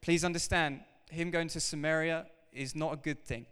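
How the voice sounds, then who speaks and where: A man preaching a sermon to his congregation, animated and emphatic, talking straight to the people in front of him. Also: on the high side, normal speed, clean tone. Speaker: pastor. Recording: reverberant hall.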